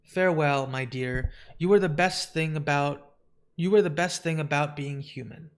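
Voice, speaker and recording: A man doing a folksy, gentle spirit man. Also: a little high, normal speed, clean tone, lightly acted. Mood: tender. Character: kindly, folksy male place-spirit in human form.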